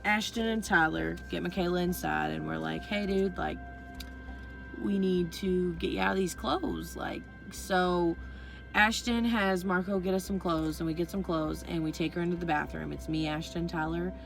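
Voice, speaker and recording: Young adult female vlogger, loose rambling storyteller, heavy profanity, soft music bed underneath. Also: lowish voice, fairly even intonation, normal speed, vocal fry, low-quality recording. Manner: swears freely, rambling with constant fillers. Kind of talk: casual storytelling.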